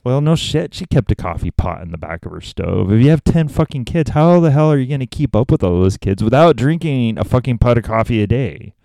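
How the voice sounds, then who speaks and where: Cussing sarcastic guy, exasperated, gravelly voice. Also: mid-range voice, expressive, fairly quick, few pauses, dark tone, dry recording. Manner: sarcastic, swears constantly, exasperated. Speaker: commentator reacting to a talk. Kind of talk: profane mocking commentary.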